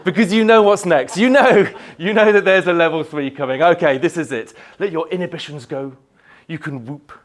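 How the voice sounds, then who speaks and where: Energetic man on stage. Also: on the high side, fairly quick. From Yorkshire, England. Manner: energetic, playful, leads crowd chants. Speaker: motivational speaker. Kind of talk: live motivational talk with audience participation. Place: indoor event hall, live audience.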